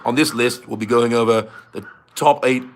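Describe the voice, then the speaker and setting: A man doing a deep shaky fake-Aussie announcer. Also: fairly even intonation, lightly acted. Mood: hearty announcer. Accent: shaky attempt at Australian. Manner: exaggerated, halting impression. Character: deep-voiced Australian man, upbeat show opener.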